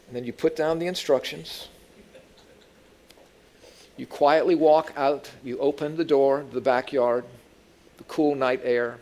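A man's voice: mid-range voice, steady tone, unhurried, pauses often, darkish tone. A man giving a conversational sermon as a Bible teacher, telling humorous stories and asking the audience questions.

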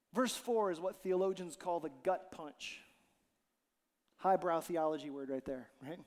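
A man preaching a sermon as pastor, animated and joking, acting out quotes as he goes. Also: on the high side, measured pace. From Ohio. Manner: animated, jokey, acts out quotes. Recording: long hall reverb.

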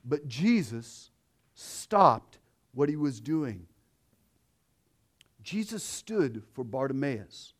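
A man preaching a sermon, dropping to a hush and then rising loud, acting out the voices of the crowd. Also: medium pitch, very animated, extremely slow, long pauses. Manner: dramatic swings from hushed to loud.

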